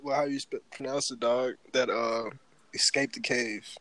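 A man's voice: mid-range voice, steady tone, moderate pace, pushed and bright, dry recording. A man on a casual podcast who makes offhand remarks and trails off into mumbles. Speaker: podcast guest.

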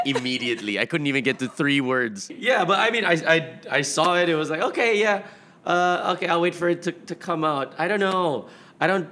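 A man's voice: on the high side, sharp tone. Rambling, self-correcting casual man. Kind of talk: casual chat about movies.

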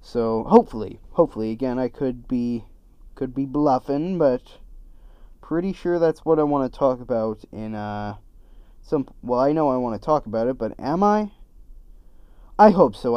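A man's voice: medium pitch, smooth, dry recording, lo-fi sound. A young man hosting a casual solo podcast, rambling and correcting himself as he goes. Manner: rambling, distracted, self-correcting. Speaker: podcast host.

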